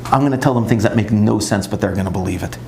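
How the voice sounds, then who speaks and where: A man putting on a low, scheming Satan. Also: fast talker, a little mellow, a little hiss or hum, natural voice. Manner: low, plotting, self-pitying muttering. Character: the Satan, a scheming male tempter spirit. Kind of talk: quoted voice in a sermon.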